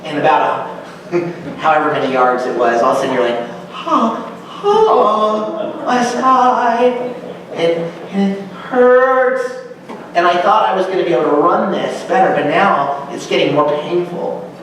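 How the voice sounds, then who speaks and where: A man preaches a Bible lesson with a high, lively voice, leaping up and down in pitch as he acts out the lines. He sounds far from the mic, in a hall full of echo, with a faint hum underneath. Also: normal speed. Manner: animated, acts out quotes with big pitch swings. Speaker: pastor teaching a Bible class. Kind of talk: sermon-style Bible teaching. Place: church hall.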